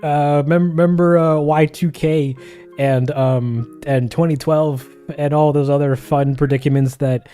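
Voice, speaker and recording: A man voicing a pushy, excitable talking keyboard. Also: high-pitched, unhurried, faint music behind, voice pushed up. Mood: indignant. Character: brash excitable male keyboard.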